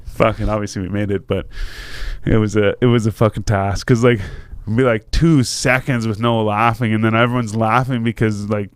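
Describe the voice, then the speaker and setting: A man's voice: lowish voice, moderate pace, clear, resonant tone, no room sound. Laughing, swearing podcast host man. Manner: animated, laughing, swears a lot, acts out voices. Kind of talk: casual storytelling.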